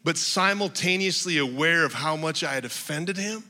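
Male pastor, sermon, emphatic personal storytelling, fairly high, piercingly bright, reverberant church hall. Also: moderate pace.

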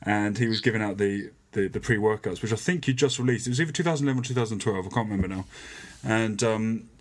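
A man hosting a casual fitness podcast, chatty and quick to laugh, often restarting his sentences. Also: fairly low pitch. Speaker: podcast host.

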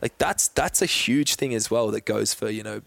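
A man's voice: fairly low pitch, normal speed, gravelly, fairly bright tone, no room sound. A young Australian man chatting casually as a podcast guest, laid-back, swearing freely and talking in long run-on thoughts. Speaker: guest athlete.

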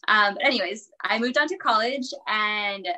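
A young woman in her twenties with a bright, forceful tone talks easily as a podcast guest. She is chatty and upbeat, sprinkles in laughs, and leans on fillers like "like" and "um" as she tells her story. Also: mid-range voice, normal speed, rough recording. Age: 20s. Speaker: podcast guest, college student and personal trainer. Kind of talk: casual interview chat.

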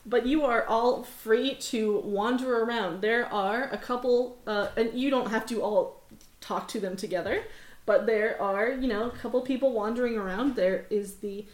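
A woman's voice: a little high, normal speed, echoey room. Frazzled swearing woman game master. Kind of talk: tabletop role-play narration and character voice.

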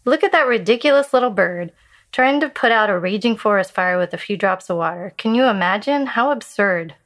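A woman's voice: mid-range voice, lively intonation, fairly quick, lightly acted. A woman voicing scornful gods and goddesses who mock from the clouds.

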